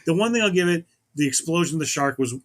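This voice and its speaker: A man's voice: fairly high pitch, expressive, fast talker. A man co-hosting a comedy movie podcast, exasperated and swearing as he complains. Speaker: regular co-host. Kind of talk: casual comedic movie review.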